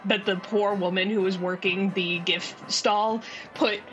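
A woman's voice: medium pitch, fairly even intonation, a little slow, dull audio. A woman narrating as dungeon master, chatty and giggly, with lots of fillers. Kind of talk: narrating a tabletop game. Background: background music.

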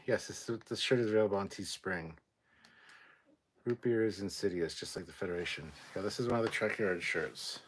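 A lowish, husky male voice carries this casual livestream chat. He reads out viewer questions and answers them bluntly, with swearing and sarcastic jabs. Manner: irreverent, profane, sarcastic rants.

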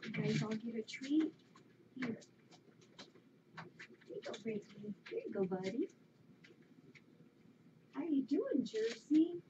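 A woman talking to her pets in a soft, cooing, baby-talk manner. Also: fairly high pitch, animated, slow pace, long pauses. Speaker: pet owner talking to her animals. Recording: dull lo-fi home recording with clear background noise.

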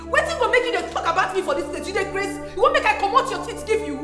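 A furious Nigerian nurse. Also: female voice, very high-pitched, very animated, racing. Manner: shouting angrily in Pidgin. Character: furious young hospital nurse, confrontational. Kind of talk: film drama acting. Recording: echoey room with long reverb. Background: film score music.

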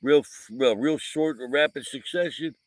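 Speaking at a measured pace in a fairly high voice, a male vlogger and paranormal investigator tells a rambling, folksy tale loaded with fillers. He's outside at night near a camper van, crickets and insects audible, and the recording is dry.

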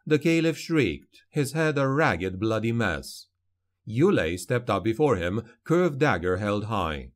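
A man's voice: lowish voice, big pitch swings. Dramatic male fantasy narrator. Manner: dramatic, measured storytelling. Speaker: audiobook narrator.

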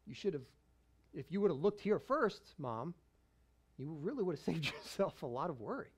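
A man voicing a twelve-year-old boy who explains himself gently and matter-of-factly. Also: on the high side, sing-song, normal speed, slight background noise. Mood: gently explaining.

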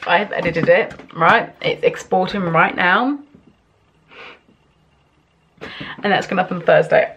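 A woman vlogging at home in casual chat, excitable and swearing freely. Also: on the low side, measured pace, vocal fry, pauses often, dull audio.

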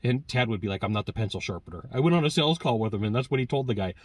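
Husky-voiced man coaching sales technique. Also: mid-range voice, racing, no echo. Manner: energetic, conversational, acts out customer dialogue. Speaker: sales trainer. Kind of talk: direct-to-camera sales coaching.

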